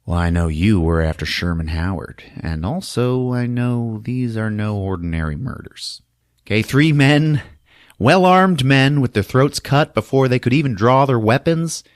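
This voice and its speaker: A man's voice: medium pitch, expressive, moderate pace, no room sound, clean studio sound. A man hosting a podcast, recapping an action movie for laughs and acting out the characters in silly voices.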